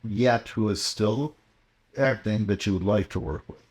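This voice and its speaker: Male podcast host, lowish voice, easygoing and encouraging, quick "yeah"s. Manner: affable, encouraging, lots of short affirmations. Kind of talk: casual interview chat.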